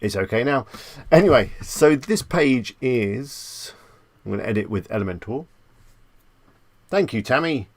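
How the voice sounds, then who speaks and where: Chatty man with a gravelly voice. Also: mid-range voice, lively intonation, a little slow, no echo. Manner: chatty, reads viewer comments aloud and answers them; jokey, self-amused asides. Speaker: live stream host. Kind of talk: casual live stream chat.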